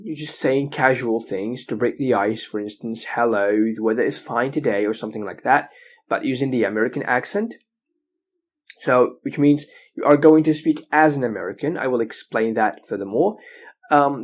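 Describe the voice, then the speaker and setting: A man giving a recorded lecture as an English teacher, explaining slowly and often checking with "okay?". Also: medium pitch.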